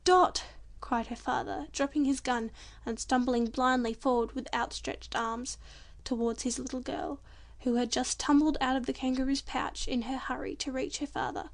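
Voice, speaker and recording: A woman reading a children's storybook audiobook in a gentle, expressive narration. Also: high-pitched, normal speed, vocal fry.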